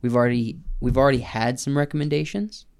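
A man's voice: medium pitch, fairly even intonation, fast talker, a little mellow, smooth. A young man co-hosting a podcast in casual chat, rambling and laughing often. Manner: rambling, laughs often, jumps in over others. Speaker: podcast co-host.

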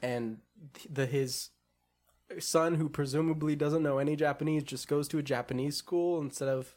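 A man co-hosting a casual podcast, talking in an animated, joking way. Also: on the high side, normal speed. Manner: animated, joking, laughs often. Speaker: podcast co-host. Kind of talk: casual chat.

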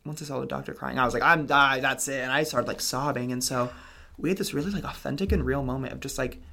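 A man's voice: medium pitch, fast talker, gravelly, a bit bright. A young man telling a personal story in a casual, rambling way, full of "like" and "um" fillers. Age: young adult. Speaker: guest telling his story.

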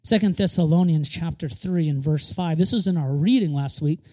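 A man's voice: on the high side, moderate pace, darkish tone. A man preaching a sermon as pastor, emphatic, repeating key phrases for stress and slipping in joking asides.

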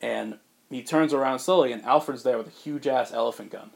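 A man on a podcast telling a story in casual chat, rambling with fillers and putting on quick voices for the characters. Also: medium pitch, creaky. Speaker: podcast co-host pitching a movie.

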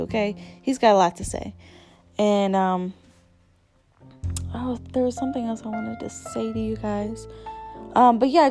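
A woman's voice: mid-range voice, a little mellow. A young adult woman hosting her own podcast, talking candidly and casually about her life with many fillers and restarts. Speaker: podcast host. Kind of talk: casual solo podcast chat.

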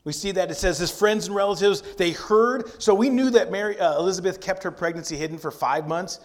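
A man's voice: high-pitched, brisk. A man preaching a sermon in a conversational way, retelling scripture with playful asides. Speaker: pastor.

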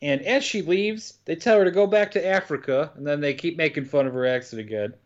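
Fairly high in pitch and fairly quick, this man from the United States co-hosts a podcast, recapping a film in loose conversation. He's dry and wry and swears freely, and the recording sounds dull and lo-fi.

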